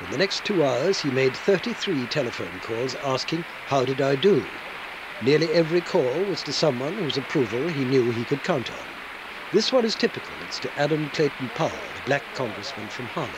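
A man reading scripted documentary narration in a measured, expressive way. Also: mid-range voice, noisy background.

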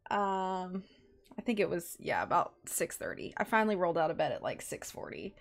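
A young woman chatting casually on a live stream while playing a game, bubbly and excitable. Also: lowish voice, a little fast. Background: faint game music.

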